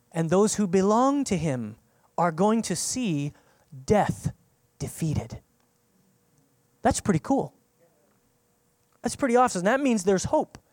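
Preacher voice, mid pitch, punchy sermon, keeps repeating lines and asking the crowd stuff, dry close sound. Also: darkish tone, no room sound. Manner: emphatic, repeats key phrases for stress; conversational, asks the listeners questions.

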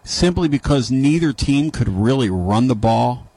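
A man's voice: medium pitch, expressive, a little slow, dark tone, slightly rough, dry recording, low-quality recording. A man hosting a sports call-in radio show, ribbing his callers with needling jokes. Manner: joking, needling banter. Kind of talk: casual sports talk.

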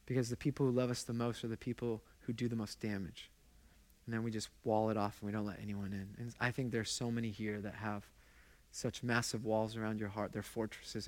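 A man's voice: on the low side, steady tone, a little fast, darkish tone. A man preaching a sermon as pastor, telling stories with passion and asking the congregation questions. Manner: conversational, engages the congregation with questions; impassioned storytelling.

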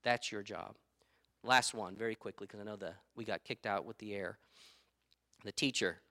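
Male pastor, middle-aged, emphatic sermon, bright tense tone. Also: lowish voice, normal speed. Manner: emphatic, repeats key phrases, tells anecdotes.

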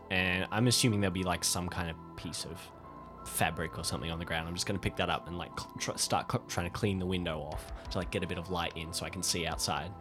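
Man describing his game character's moves. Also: sits low. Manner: describing his character's actions, hesitant fillers. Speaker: player. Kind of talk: casual tabletop play.

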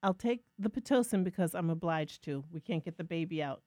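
A woman co-hosting a podcast, telling a lively personal story in a casual, self-mocking way. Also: fairly low pitch, fairly quick, no echo, clean studio sound. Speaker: podcast co-host.

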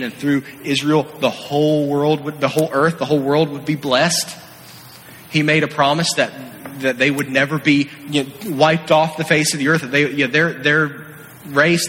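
A man preaching an animated sermon, telling the story with energy and playfully acting out the scenes, in a large echoey hall. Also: a little high, slight background noise. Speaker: youth pastor.

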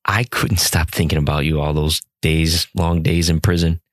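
A man voicing a desperate young male burglar, gruff and threatening but later pleading. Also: rumbling low, fairly even intonation, normal speed, dry recording, clean studio sound, voice pushed down. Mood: earnest.

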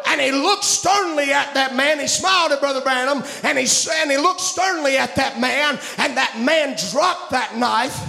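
A man preaching a fervent revival sermon, shouting and chanting in a sing-song style. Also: very high-pitched, normal speed, gravelly, few pauses. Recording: roomy echo.

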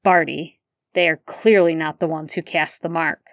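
A woman's voice: low-pitched, steady tone, normal speed, no room sound, studio quality. A woman voicing a cold, steely protective wizard. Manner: cold, clipped, controlled.

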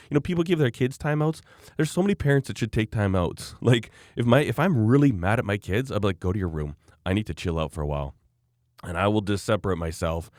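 Emphatic, opinionated low-voiced man. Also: darkish tone, no room sound, clean studio sound. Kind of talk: casual podcast chat.

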